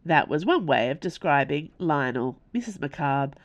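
A woman reading her own novella aloud as narrator, in an expressive storytelling manner. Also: deep voice, normal speed. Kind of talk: scripted narration.

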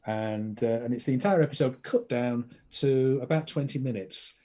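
A British film collector appears as a guest on a podcast for a casual chat. His warm, medium-pitched voice moves at normal speed, and he's enthusiastic and rambling, with plenty of fillers.

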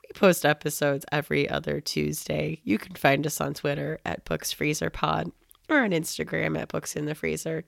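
A woman's voice: deep voice, flat delivery, normal speed, creaky, no echo, clean studio sound. A woman co-hosting a podcast, talking in an upbeat, chatty way with fillers and laughs. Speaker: podcast co-host. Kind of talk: casual podcast chat.

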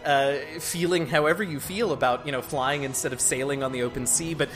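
A man's voice: mid-range voice, fairly quick, a bit bright. Man narrating a tabletop game. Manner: laughs often, playful asides. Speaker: game master. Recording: podcast with music underneath.

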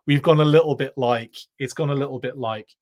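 A man's voice: medium pitch, fairly even intonation, brisk, darkish tone. Guy hosting a live stream, chatty and self-deprecating, mid voice, reads comments out. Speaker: live stream host reading chat. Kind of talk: casual live stream chat.

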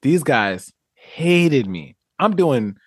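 Profane, animated man telling stories. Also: medium pitch, very slow, no room sound, clean studio sound. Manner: profane, animated storytelling with acted quotes. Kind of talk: casual podcast chat.

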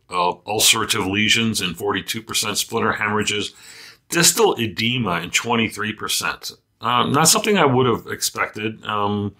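A man's voice: fairly low pitch, sharp tone. A man hosting a medical podcast in a casual, chatty way with many fillers and asides. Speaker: podcast host, physician editor.

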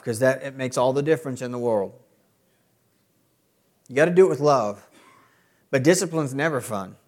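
A middle-aged man preaching a sermon as a pastor. He often builds to loud, emphatic peaks. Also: mid-range voice.

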